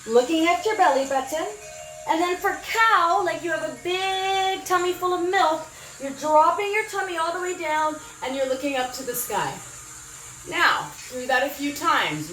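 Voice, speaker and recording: Woman doing kids yoga, slow easy encouraging cues, roomy echo, soft music underneath. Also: high voice. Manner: encouraging, gentle instructions with praise. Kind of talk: guided children's yoga lesson.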